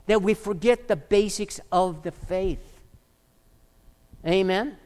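A pastor delivering an emphatic sermon full of rhetorical questions. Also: male voice, sits high, slow, long pauses, a little mellow, big-room sound.

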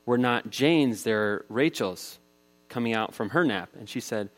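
Pastor, male, 30s, mid-pitched voice, chatty storytelling sermon. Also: animated, measured pace. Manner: conversational storytelling, voice rising with the tension of the story.

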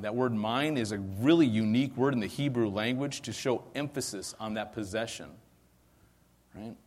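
A man preaching a sermon, earnest, asking rhetorical questions and slowing down to stress scripture verses. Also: mid-range voice. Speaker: pastor. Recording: long hall reverb.

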